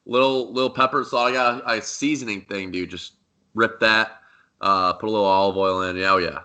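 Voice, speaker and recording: A man co-hosts a casual podcast, easygoing and quick to drop a "dude". His voice sits low for a man but has a very bright, forceful edge. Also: steady tone, clear, resonant tone. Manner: laid-back, calls people "dude". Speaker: podcast co-host.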